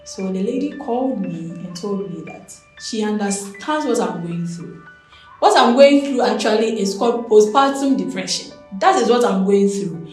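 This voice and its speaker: A woman's voice: medium pitch, moderate pace, faint music behind. Ghanaian woman telling her story, echoey room. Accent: Ghanaian English. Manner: animated, expressive storytelling with many fillers. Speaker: interview guest. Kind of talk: personal storytelling.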